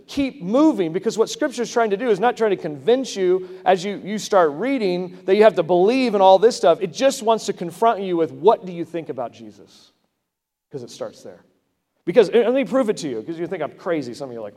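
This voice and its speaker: A man preaching a sermon in a conversational way, breaking into loud emphatic bursts. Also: high-pitched. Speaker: pastor. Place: church sanctuary. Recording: long hall reverb.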